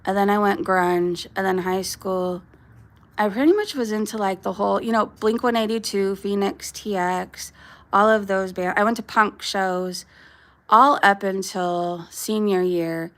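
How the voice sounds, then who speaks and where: Speaking a little slowly in a medium-pitched voice, a woman in her thirties hosts a casual backyard livestream. She chats with her viewers and her dog, laughing often.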